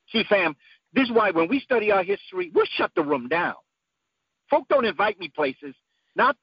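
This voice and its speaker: A man giving an emphatic, preacherly talk whose voice climbs to high peaks. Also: creaky, breathy edge, dry recording. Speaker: guest speaker. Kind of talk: impassioned lecture-style talk. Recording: dull lo-fi dry sound.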